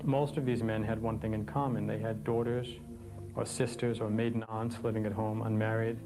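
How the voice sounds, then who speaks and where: A man's voice: lowish voice, flat delivery, moderate pace, rough recording. A man interviewed for a documentary, explaining historical background in a storytelling tone. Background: music bed.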